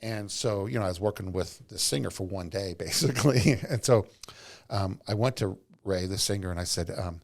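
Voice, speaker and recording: A man's voice: deep voice, moderate pace, gravelly. A middle-aged man, a podcast guest, telling earnest, rambling stories from his working life. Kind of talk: casual storytelling interview.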